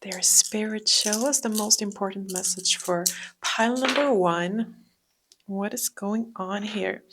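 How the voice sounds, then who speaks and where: Slow, soft-spoken woman reading tarot. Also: medium pitch. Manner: slow, calm, drifting into whispers. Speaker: tarot reader.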